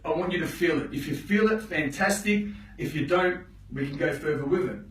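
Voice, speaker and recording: A man's voice: on the high side, fairly quick, roomy sound, far from the mic, low-quality recording. A man teaching a live motivational session, preachy and blunt, often checking in with his listeners and swearing for emphasis. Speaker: motivational coach.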